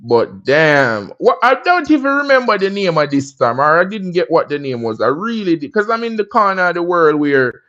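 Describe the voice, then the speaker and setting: Jamaican guy hosting his live, easygoing and chatty, slightly high voice, kinda muffled audio. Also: big pitch swings, moderate pace, few pauses, sharp tone. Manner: laid-back, chatty, tags lines with "you understand me?". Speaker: livestream host. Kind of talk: casual livestream chat.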